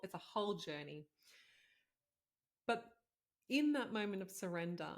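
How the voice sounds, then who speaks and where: A woman in her thirties, a podcast host and doctor, telling a personal story in a heartfelt, conversational way with many fillers. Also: on the low side.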